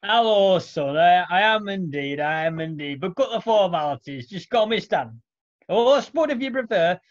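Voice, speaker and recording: Scruffy allotment gardener voiced by a man, folksy, stammering, lively pitch, dull lo-fi sound. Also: normal speed. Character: scruffy older allotment gardener, chatty and easygoing. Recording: dull lo-fi recording.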